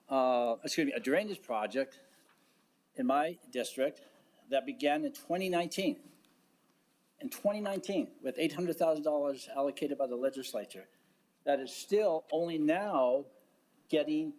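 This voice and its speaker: A county commissioner speaking at a public board meeting, halting and deliberate, with frequent fillers and restarts. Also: male voice, a little high, a little mellow.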